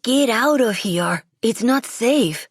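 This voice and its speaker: A woman's voice: a little high, expressive, slow, slightly rough, no echo, clean studio sound, full character voice. A woman voicing a fierce, protective young boy who speaks with a Spanish accent and snaps out short, urgent commands.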